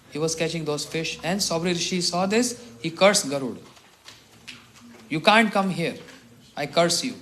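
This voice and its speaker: A middle-aged man from India, a monk telling stories in a morning talk who chuckles often and clears his throat. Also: sits high, fairly bright tone, slight background noise. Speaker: monk teacher.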